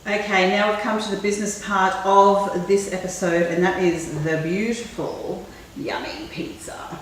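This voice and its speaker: A woman hosting a cooking show, chatting in a relaxed way and thinking aloud as she works. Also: medium pitch, measured pace. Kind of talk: casual cooking demonstration. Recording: very echoey room, mic far off, faint noise.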